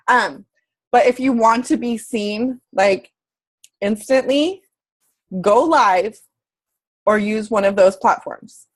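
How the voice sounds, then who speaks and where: Casting: candid woman coach in her thirties, slightly high voice, casual vlog talk. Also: slow pace, long pauses. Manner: candid, chatty, swears casually. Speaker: fitness coach. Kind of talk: casual motivational talk to camera.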